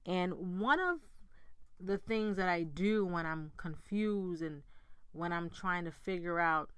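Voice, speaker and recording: A woman's voice: fairly low pitch, normal speed, clear, resonant tone, no room sound. A woman in her thirties candidly telling a personal story in a conversational way. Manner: candid and conversational, with many fillers and acted-out quotes. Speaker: speaker sharing a personal story.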